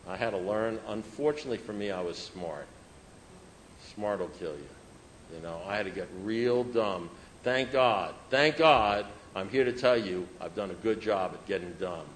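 A man's voice: sits low, moderate pace, a little mellow, slight background noise, rough recording. A man telling his recovery story to an audience in a humorous, conversational way, repeating phrases for rhythm. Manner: humorous, self-mocking and conversational. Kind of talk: personal storytelling talk to an audience.

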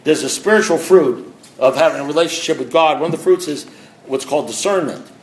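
A man's voice: on the high side, brisk, reverberant, poor audio. A man sharing a personal recovery story with an audience in a blunt, conversational way, acting out the voices of people in it. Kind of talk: candid personal talk to an audience.

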